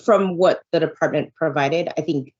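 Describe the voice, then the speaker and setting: A woman negotiator in a virtual meeting who speaks in a measured way, with some fillers. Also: low-pitched, darkish tone, slightly rough, lo-fi sound. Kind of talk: meeting discussion. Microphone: video call.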